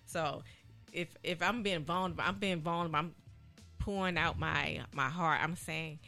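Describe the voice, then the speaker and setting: A woman's voice: low-pitched, fairly even intonation, moderate pace, creaky, sharp tone, soft background music. A woman hosting a talk radio show, chatting casually and animatedly, often repeating herself.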